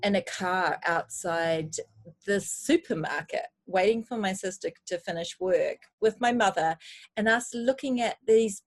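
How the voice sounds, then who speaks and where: A woman's voice: medium pitch, measured pace. A woman with a New Zealand accent chatting casually as a podcast guest, laughing often and poking fun at herself. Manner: laughs often, self-deprecating. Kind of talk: casual chat.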